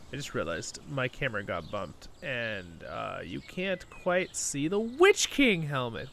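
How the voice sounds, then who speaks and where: Freshly awake and sleepy, this gaming host rambles easily through casual gameplay commentary into his new desktop microphone, chuckling a lot. His medium-pitched, gravelly voice is unhurried yet has few pauses, and slight background noise is audible.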